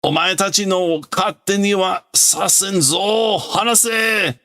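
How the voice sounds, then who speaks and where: A man's voice: sits high, slow pace, bright, forceful tone, voice pushed up, exaggerated voice. A man voicing a frantic, possessive old male villain who shrieks in flustered outbursts while reading from a comic book. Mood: furious.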